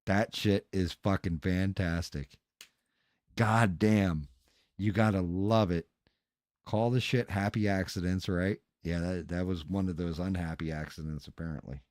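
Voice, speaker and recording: A man's voice: low voice, steady tone, unhurried, darkish tone, dry recording. A male streamer chatting casually on his stream, swearing freely and laughing often as he tells a story. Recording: dry close headset sound.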